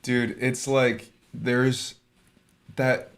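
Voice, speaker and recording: A man's voice: medium pitch, flat delivery, very slow, creaky. A young man in a laid-back casual chat as podcast co-host, who often calls people "dude" and "man".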